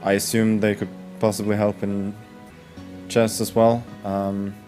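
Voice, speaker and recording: A man with a Norwegian accent, a chess player answering press questions with dry, deadpan humour. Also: fairly low pitch, measured pace, soft background music.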